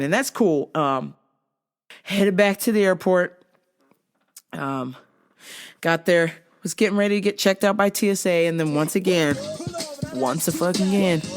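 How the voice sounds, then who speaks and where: A woman telling a story to her viewers as a vlog host, casual and profane, laughing often as she goes. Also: fairly low pitch. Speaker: vlogger host.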